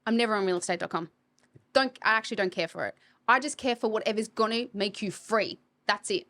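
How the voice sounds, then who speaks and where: An Australian property coach speaks bluntly and energetically in a podcast interview, swearing casually. Her voice is medium in pitch, a bit bright, and fairly quick.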